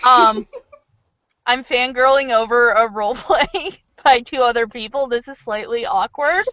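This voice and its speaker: A woman game master in casual, chatty talk about a tabletop game, excitable and full of fillers. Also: a little high, measured pace, no room sound, dull audio.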